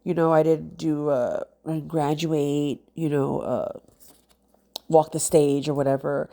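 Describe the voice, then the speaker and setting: A woman's voice: sits low, little pitch movement, measured pace, creaky, warm tone. A woman, a mother, talking casually and heartfelt to camera as a nail vlogger, rambling with many fillers and sounding congested. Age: adult with children.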